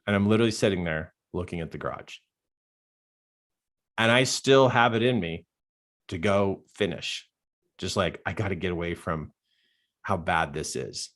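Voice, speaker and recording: A man giving a live coaching talk, telling a personal story in an earnest way, dropping to a hushed voice at dark moments and growing animated in others. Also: deep voice, normal speed, pauses often.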